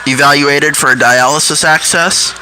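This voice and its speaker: A man telling crude, mocking comic stories in an animated way. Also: on the high side, moderate pace, background noise. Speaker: storyteller. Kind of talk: comic storytelling.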